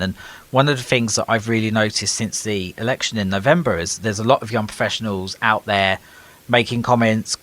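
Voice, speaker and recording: A man's voice: fairly low pitch, a bit bright. A man with a British accent, a guest in casual conversation, explaining at length with frequent ums and repeated words.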